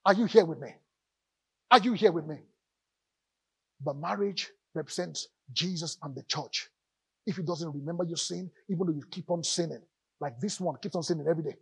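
Husky high-voiced man preaching a sermon. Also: brisk, pauses often, no room sound. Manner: animated preaching with audience call-outs and jokes. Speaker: pastor. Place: church.

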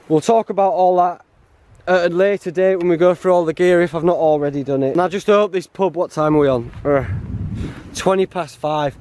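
A man's voice: on the high side, mellow. A man narrating his hike to a handheld camera outdoors on a mountain trail, chatty and self-mocking, laughing often. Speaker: hiking vlogger. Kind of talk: casual vlog narration while hiking.

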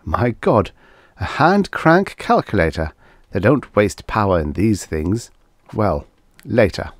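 A weary, tense spaceman stranded far from home, muttering half to himself in a low voice, as a man reading the story gives him voice. The sound is dry and close, with no room around it. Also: very animated, slow pace, no room sound, full character voice.

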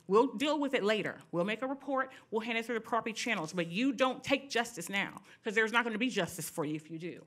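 A middle-aged woman gives a personal talk to a live audience, candid and animated, often turning to the listeners with quick asides. Her voice is bright and forward. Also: a little high. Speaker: speaker at a panel event.

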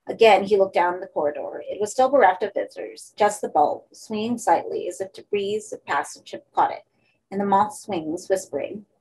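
A woman narrating a horror story for an audiobook in a steady, measured way. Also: mid-range voice, husky, poor audio.

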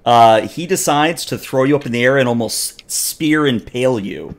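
A man running a tabletop game as game master, narrating the action with animated storytelling and frequent fillers. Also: medium pitch, normal speed.

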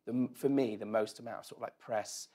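A man's voice: lowish voice, steady tone, fast, dark tone, husky. A man guest chatting casually in front of an audience, telling rambling self-deprecating stories full of "like". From England. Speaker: interview guest. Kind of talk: casual storytelling chat. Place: event room with live audience.

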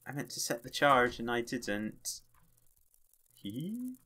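Man, let's play commentary, playful, sound effects, bright tone. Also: medium pitch, steady tone, moderate pace. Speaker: gaming channel host.

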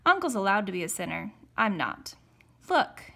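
A woman's voice: mid-range voice, sing-song, moderate pace, gravelly, sharp tone, heavily acted. A woman reading an eager, chatty young soldier lad. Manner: talkative, hollering eagerly.

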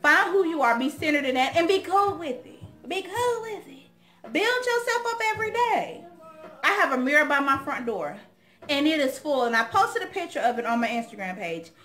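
Bold young woman chatting to camera, bright tone, bounces all over the place, faint music behind. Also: sits high, moderate pace. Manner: outspoken, animated storytelling. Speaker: vlog host. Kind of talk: casual chat to camera.

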